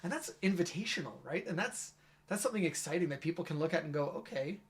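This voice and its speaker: A man hosting a relaxed conversation with a fellow pastor. He keeps things friendly and chatty, nodding along and laughing easily. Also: a little high. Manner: affirming, chatty, quick to laugh. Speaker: interviewer and youth ministry pastor. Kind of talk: casual interview conversation.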